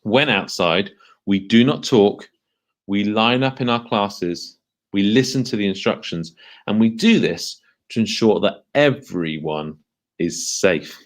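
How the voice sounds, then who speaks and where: A man leading a school assembly for children, speaking in a lively, questioning way and slowing down to stress key words. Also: fairly low pitch.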